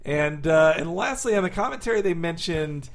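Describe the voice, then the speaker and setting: Man, podcast co-host, slightly high pitch, eager trivia-sharing chat style. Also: animated, normal speed. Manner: enthusiastic, laughs often, quotes lines. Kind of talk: episode commentary podcast chat.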